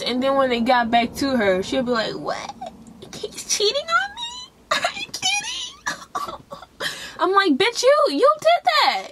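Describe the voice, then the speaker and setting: A young woman with a high voice tells a school drama story straight to camera. She talks in a casual, profane, animated way and acts out the other people's lines as she goes. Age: young adult. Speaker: vlogger telling a story.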